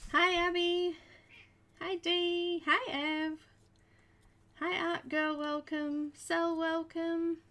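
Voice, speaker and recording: A woman's voice: very high voice, level tone, drawn-out words, pauses often, fairly bright tone. An Australian woman hosting a live coloring tutorial, chatty and welcoming, laughing often as she greets viewers. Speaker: art tutorial host.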